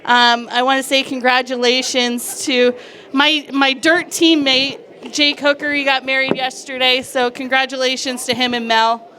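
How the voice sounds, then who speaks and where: A woman racing driver at a panel interview, chatting through a list of sponsors with many ums and pauses. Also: sits high, flat delivery, noisy background. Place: busy event hall.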